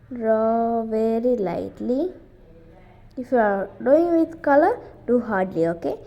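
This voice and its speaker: A woman's voice: fairly high pitch, a little mellow, a little hiss or hum, rough recording. A woman giving a step-by-step drawing tutorial in simple, repeated instructions.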